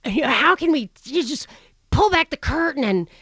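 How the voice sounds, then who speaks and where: A woman hosting a talk show, animated and rambling, who often breaks off and starts her thought again. Her voice sits fairly high, and the sound is dry and close. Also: moderate pace, dry recording. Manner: animated, rambling with many restarts. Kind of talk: casual chat.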